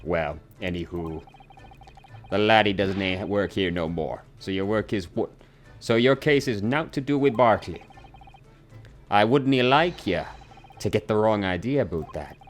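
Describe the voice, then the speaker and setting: A man's voice: fairly low pitch, expressive, measured pace, faint music behind. A man voicing a brusque male prison governor in a put-on Scottish accent, while reading game dialogue aloud. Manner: brusque, dialect-heavy, dismissive.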